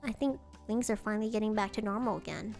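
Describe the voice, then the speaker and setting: A woman's voice: medium pitch, expressive, fast, gravelly, darkish tone, soft background music. A woman streamer reading a visual novel aloud, breaking off to react with dismay.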